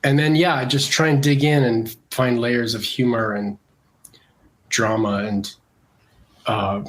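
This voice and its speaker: Congested Canadian man, relaxed and halting. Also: mid-range voice. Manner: relaxed, hesitant with many fillers. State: congested from a cold. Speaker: illustrator guest. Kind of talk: casual interview.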